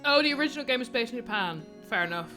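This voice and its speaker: Casual woman streamer, animated, reads game lines plainly with no put-on voices, soft music underneath. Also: a little high, rapid-fire. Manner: reads dialogue in her own voice, no accents; chatty, reacts aloud to the story. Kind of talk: reading game text aloud and chatting. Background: faint game music.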